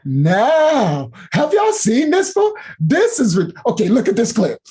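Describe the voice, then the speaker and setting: A man with a husky, slightly breathy voice gives heated commentary. His pitch swoops up and down as he preaches. He hammers his points home by repeating them. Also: wildly swooping pitch, a little slow, warm tone. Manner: emphatic, preachy, repeats for emphasis. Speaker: ministry host reacting to clips.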